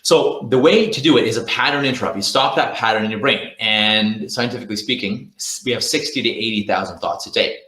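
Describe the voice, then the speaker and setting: A man delivers a sales training talk with a bright, forceful tone, coaching his listeners directly and often repeating words for emphasis. He slips into quoted voices to act out the doubts in a salesperson's head. The sound is roomy, with an echo around him. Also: on the low side, a little fast, few pauses. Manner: energetic, repetitive, coaching the audience directly; acts out inner thoughts in quoted voices. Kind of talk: virtual conference talk.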